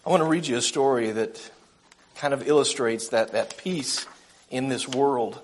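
A man preaching a gentle, earnest sermon, slowing down for emphasis and reading a story aloud. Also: medium pitch, a little hiss or hum.

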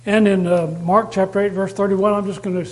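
A man with a notably high voice preaching a sermon. He speaks emphatically and repeats key phrases for stress. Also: flat delivery, brisk, low-quality recording.

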